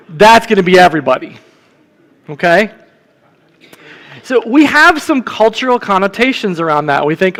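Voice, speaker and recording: A man's voice: sits high, fairly bright tone. A man, a church deacon, teaching a sermon in a casual, conversational way, often checking in with his listeners. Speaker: deacon preaching. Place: church sanctuary. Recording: long church reverb.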